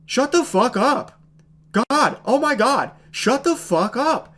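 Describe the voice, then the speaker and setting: A man putting on a callous young singer who brushes people off. The delivery is flat and unenthusiastic, with a mocking edge and a slightly high voice. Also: normal speed, lightly acted. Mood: dismissive.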